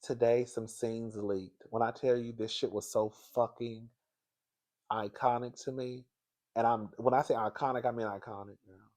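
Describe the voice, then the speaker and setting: Excitable gossipy man vlogging. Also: normal speed. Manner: animated and gossipy, often calling viewers girl and baby; excitable, jumping into a high, laughing voice. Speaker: vlog host. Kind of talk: casual pop culture gossip commentary.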